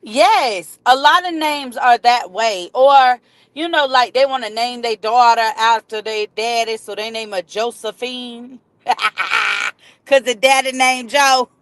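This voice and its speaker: A woman's voice: fairly high pitch, slow pace, fairly bright tone, no echo. A middle-aged woman, hosting a casual livestream, chatting and greeting viewers by name. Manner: chatty, reads and greets viewer comments aloud. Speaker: livestream host.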